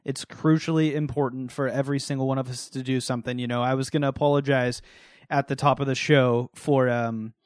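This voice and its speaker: A man hosting a podcast, speaking earnestly with many pauses and fillers. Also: medium pitch, fairly even intonation, dry recording, clean studio sound. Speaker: podcast host. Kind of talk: casual chat.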